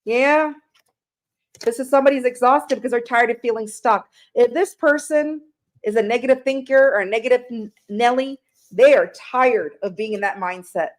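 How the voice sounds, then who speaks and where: Middle-aged woman, casual live tarot reader, chatty and friendly with viewers, a touch high-pitched. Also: moderate pace. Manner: chatty, greets viewers by name, swears casually. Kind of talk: live-stream tarot reading.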